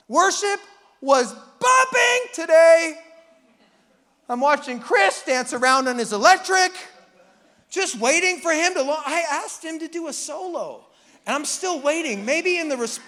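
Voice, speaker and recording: A male pastor preaching a sermon in an animated, joking way, acting out people's inner voices. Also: very high voice, in a large hall.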